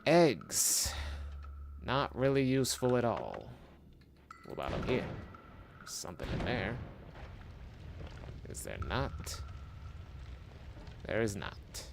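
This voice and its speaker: A man casually commenting on his game as he plays. His voice is low and gravelly, and his pitch swings widely as he mutters. He talks at an unhurried pace, with a faint hiss of noise behind him. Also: wildly swooping pitch. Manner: chatty, self-mocking muttering to himself. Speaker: game streamer.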